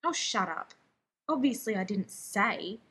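A woman reading the part of a fussy, indignant male scientist who splutters and exclaims, in a husky voice. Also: mid-range voice, animated, a little slow, a bit bright, exaggerated voice. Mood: scornful. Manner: spluttering, exasperated, theatrical.

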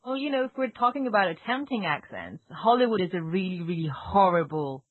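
A woman with a strong French accent, co-hosting a casual chat and talking in halting bursts with restarts. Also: medium pitch, very animated, no room sound. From France. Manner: halting, many restarts and fillers. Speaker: podcast co-host. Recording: tinny phone-like line, dry.

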